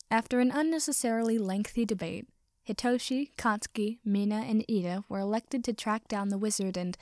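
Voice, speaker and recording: A woman's voice: medium pitch, normal speed, darkish tone, no echo. Woman reading a story in a dry room. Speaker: reader. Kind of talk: fan fiction reading.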